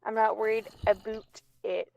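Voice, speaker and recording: A woman's voice: a little high, level tone, moderate pace, creaky, crowd noise. A woman with a Canadian accent, bantering playfully and bluntly on a stream.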